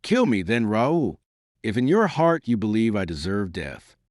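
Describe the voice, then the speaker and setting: A man's voice: lowish voice, sing-song, unhurried, dry recording, clean studio sound. A man voicing a desperate, devoted young woman, pleading through tears in an audiobook reading. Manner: pleading, emotional.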